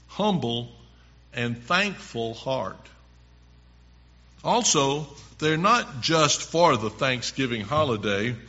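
A man preaching a sermon, reading scripture verses slowly with strong emphasis. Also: medium pitch, bright, forceful tone, highs cut off.

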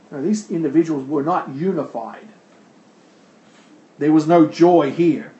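A man with a fairly high voice preaches a sermon, working through a scripture passage verse by verse. He poses rhetorical questions and answers them. The recording carries a roomy echo. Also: slow, long pauses, dark tone, muffled recording.

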